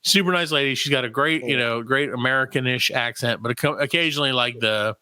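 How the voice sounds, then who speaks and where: A man's voice: mid-range voice, fast talker, sharp tone, smooth, no room sound. A man co-hosting a comedy podcast, telling a rambling, profane story in casual chat and acting out the other people's voices. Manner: rambling storyteller, acts out voices, swears freely. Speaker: podcast co-host.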